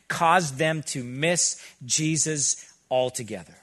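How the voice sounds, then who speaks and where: Higher-voiced man preaching a conversational sermon. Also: fairly bright tone. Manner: earnest, conversational preaching with quick asides. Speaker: pastor.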